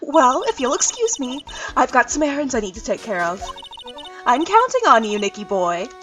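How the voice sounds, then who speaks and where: A woman's voice: high-pitched, very animated, normal speed, fairly bright tone, recorded from a distance, soft background music. A woman voicing a doting, flighty wife in a fan voice-over of a game, in a sugary, sing-song manner.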